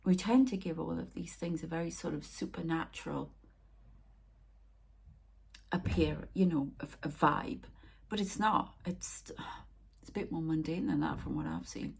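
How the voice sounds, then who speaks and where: A woman's voice: sits low, very animated, moderate pace, gravelly, long pauses, darkish tone, a little hiss or hum. A woman who works as a spiritual medium, rambling in an emotional, upset way as she talks on her vlog and often dropping to a near whisper. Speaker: spiritual medium and channel host. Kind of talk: casual spiritual vlog talk.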